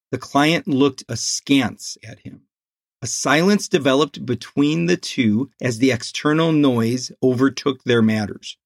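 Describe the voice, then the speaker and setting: Slow, husky-voiced male narrator. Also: mid-range voice, dry recording, clean studio sound. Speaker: audiobook narrator. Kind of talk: scripted narration.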